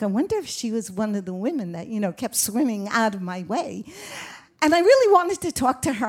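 A woman, telling a personal story on stage in a vivid, expressive way. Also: a little high.

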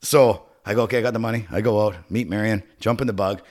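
A man's voice: lowish voice, fairly even intonation, fast, a little mellow. A middle-aged man co-hosting a podcast, telling a long story in casual chat, swearing often and acting out the voices and sound effects. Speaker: podcast co-host.

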